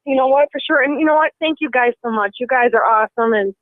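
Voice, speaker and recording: Excited woman on a tinny phone line. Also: high-pitched, fast talker, no room sound. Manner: excited, emotional. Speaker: caller. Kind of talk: phone call.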